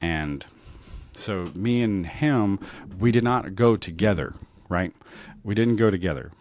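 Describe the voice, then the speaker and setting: A man's voice: low voice, measured pace, a little mellow. A man hosting his podcast, telling a rambling comic story and checking in with "right?" and "you know?". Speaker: podcast host.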